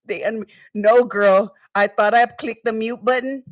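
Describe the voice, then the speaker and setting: A woman's voice: on the high side, fairly even intonation, unhurried, no echo, clean studio sound, recorded from a distance. A woman hosting a casual livestream, talking over her topic in a slangy, easygoing way and calling her viewers y'all. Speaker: livestream host. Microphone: wearing earphones on a stream setup.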